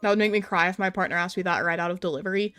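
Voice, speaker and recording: A woman's voice: fairly low pitch, steady tone, racing, a bit bright, soft background music. Chatty young woman streaming a game. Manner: chatty, reads and answers viewer chat aloud. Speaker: live-stream host. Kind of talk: casual live-stream chat while gaming.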